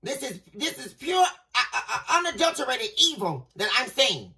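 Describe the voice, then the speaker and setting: Woman tarot reader, lively swooping pitch, set a little back from the mic, dramatic and halting. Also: recorded from a distance, poor audio. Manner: dramatic, halting, repeats phrases for emphasis. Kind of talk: tarot reading addressed to viewers.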